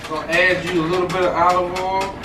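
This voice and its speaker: A man cooking in a home kitchen, calmly giving step-by-step instructions to his viewers. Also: high voice, quick pace. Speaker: home cook. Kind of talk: cooking demonstration. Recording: echoey room from a distance, noise.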